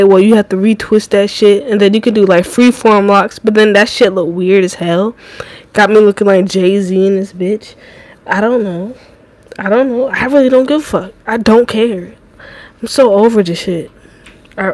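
A woman's voice: mid-range voice, low-quality recording. A woman in her late twenties chatting casually on a livestream, profane and rambling, talking back to her chat. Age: late 20s.

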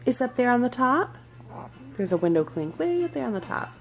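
A woman's voice: on the high side, big pitch swings, a little fast, over loud music. A woman in her thirties, a mother filming a casual home vlog, soothing and cooing at her toddlers while nursing her newborn. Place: family home with Christmas tree.

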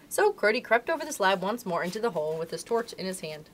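Animated woman reading a storybook aloud. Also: medium pitch, fast talker, hardly any pauses, a little hiss or hum. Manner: expressive, animated. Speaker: librarian reading to children.

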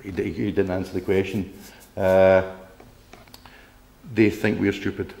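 A man's voice: low voice, little pitch movement, a little slow, gravelly, darkish tone, reverberant. A man giving an emphatic, indignant public talk to an audience, rambling with restarts and the odd swear word. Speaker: speaker at a public meeting.

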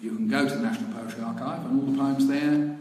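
A man's voice: medium pitch, fairly even intonation, fast, a little mellow. A man telling chatty anecdotes to an audience, with laughing asides and acted-out quotes. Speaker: speaker at a talk. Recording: echoey hall with background noise.

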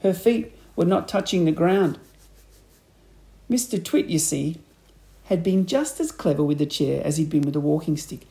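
A man reading a children's storybook aloud in an expressive, playful narrator's voice. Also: on the high side, normal speed, gravelly, low-quality recording.

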